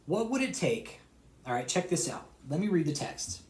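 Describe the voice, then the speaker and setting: An online commentator delivers a heated, profane rant to his subscribers in a sing-song voice at a moderate pace. He swears constantly and repeats himself, lurching between loud outbursts and quiet sarcastic asides, and the room adds a noticeable echo.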